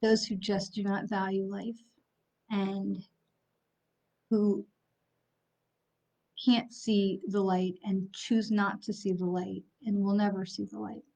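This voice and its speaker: A woman's voice: mid-range voice, little pitch movement, slow, vocal fry, pauses often, dark tone. Angry, blunt woman on a dull livestream. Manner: angry, blunt, swears while apologizing. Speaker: psychic medium host. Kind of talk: livestream talk to viewers. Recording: slightly dull lo-fi stream audio.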